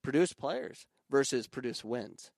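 A man who coaches youth soccer, talking casually and animatedly, jumping up into loud mimicry of other coaches and parents. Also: mid-range voice, lively intonation, measured pace, gravelly, no echo. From Arizona. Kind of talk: casual podcast conversation.

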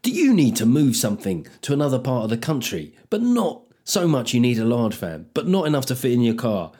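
A man's voice: medium pitch, very animated, a little fast, mellow, slightly rough. A man doing a salesy advert announcer. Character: radio advert announcer, pitching a service.

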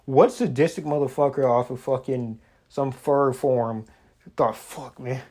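A man in a casual, profane comedic rant who rambles, restarts his sentences and swings between loud animated bursts and mumbled asides. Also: mid-range voice, a little slow. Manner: rambling, swears constantly, trails off and restarts. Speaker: online content creator.

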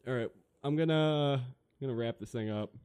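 A man's voice: medium pitch, moderate pace, a little mellow, clear, resonant tone. A man hosting a casual sports podcast, laid-back and joking as he wraps up the show. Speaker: podcast host.

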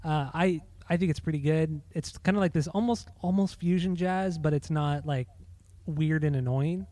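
A man's voice: on the high side, normal speed, dark tone, no room sound. A man hosting a podcast in casual chat, loose and chatty, swearing freely and restarting his sentences. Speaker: podcast host.

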